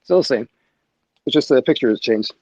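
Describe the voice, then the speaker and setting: A man's voice: mid-range voice, animated, brisk, no echo. A man in casual group chat, rambling with fillers and restarts. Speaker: group audio chat participant. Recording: slightly muffled lo-fi line.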